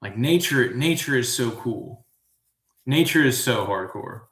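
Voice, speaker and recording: Slow-talking man hosting trivia, echoey. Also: mid-range voice, lively intonation, fairly bright tone. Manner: slow, drawn-out, musing asides. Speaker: trivia host. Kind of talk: live trivia reading, casual chat.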